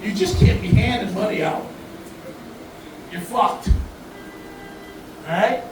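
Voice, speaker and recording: A high-pitched man addresses a crowd in a very echoey room, swearing freely and joking as he talks. He sits far from the microphone, with steady noise behind him. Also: slow pace. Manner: profane, animated, joking. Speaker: event host. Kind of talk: casual speech to a live crowd.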